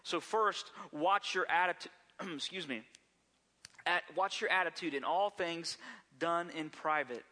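A man's voice: a little high, measured pace, pushed and bright. A man preaching a sermon as a pastor, talking conversationally and often asking the congregation rhetorical questions.

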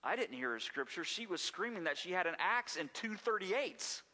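A man voicing a caught male burglar in a sermon joke, answering flatly and matter-of-factly. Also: high-pitched, normal speed, long reverb tail, heavily acted. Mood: baffled.

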